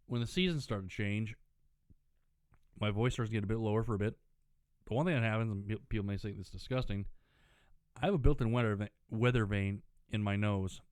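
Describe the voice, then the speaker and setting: A man rambling through casual gameplay commentary, clearing his throat often, his dry throat pulling his voice lower than usual. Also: darkish tone, dry recording. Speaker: gaming channel host.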